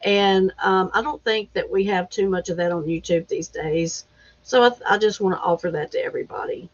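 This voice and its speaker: A woman's voice: medium pitch, brisk. A woman hosting a casual live chat, greeting viewers by name and laughing easily. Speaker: livestream host. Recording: dull lo-fi stream audio.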